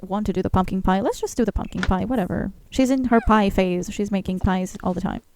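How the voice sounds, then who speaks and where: A young woman hosting a life-sim let's-play, chatting in an excitable, gushing way. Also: medium pitch, brisk, background noise. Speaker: gaming channel host.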